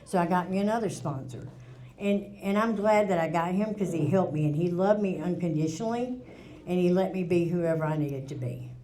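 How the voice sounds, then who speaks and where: A woman's voice: fairly low pitch, brisk, mellow. A middle-aged woman, telling her recovery story at a meeting in a candid, plainspoken way with frequent restarts. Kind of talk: personal testimony at a recovery meeting. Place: meeting room.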